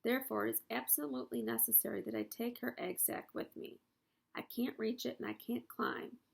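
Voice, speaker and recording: A woman's voice: a little high, steady tone, a little fast, gravelly, breathy edge, exaggerated voice. A woman doing a frantic young pig. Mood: pleading. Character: anxious young male pig, earnest and pleading.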